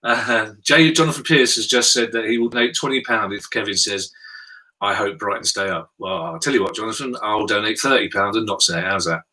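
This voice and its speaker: A man's voice: lowish voice, a little fast, few pauses, pushed and bright, far from the mic, rough recording. Man hosting a comic quiz. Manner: dry self-mocking banter. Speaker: quiz host. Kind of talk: comic quizmaster patter. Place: home.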